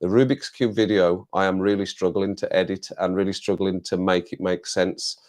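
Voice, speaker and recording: A man's voice: deep voice, fairly even intonation, moderate pace, darkish tone. An English man hosting a casual live stream, chatting to viewers in a rambling way, repeating phrases and laughing often.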